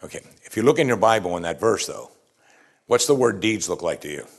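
A man preaching a sermon, emphatic and animated, asking his listeners rhetorical questions. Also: lowish voice, brisk, creaky. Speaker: pastor.

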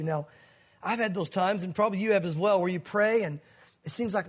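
A man's voice: sits high, fairly quick, breathy edge. A man preaching a sermon as pastor, speaking in an earnest, conversational way, full of asides to the congregation.

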